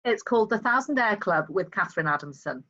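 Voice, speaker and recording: A chatty, upbeat woman with a faint Liverpool lilt talks casually as a podcast guest, laughing easily at mid pitch. Her voice comes through a slightly dull, lo-fi line. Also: expressive, quick pace, sharp tone. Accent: soft Liverpool. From England. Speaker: guest author.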